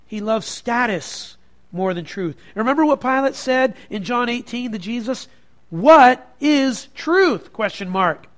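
Pastor, male, high-pitched, animated sermon delivery, dips quiet then builds loud. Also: moderate pace. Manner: animated preaching, swinging from quiet to emphatic.

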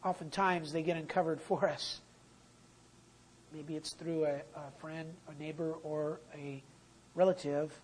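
A preacher giving a sermon in a church, pitched in an ordinary middle range. The delivery is emphatic, stretching out and repeating the key phrases so they land. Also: fairly even intonation, measured pace, a little mellow, slightly rough, low-quality recording.

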